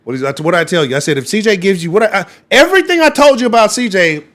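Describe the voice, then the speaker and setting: A man's voice: high-pitched, animated, quick pace, fairly bright tone. A young adult man, hosting a live-streamed sports talk show in a heated, profane rant.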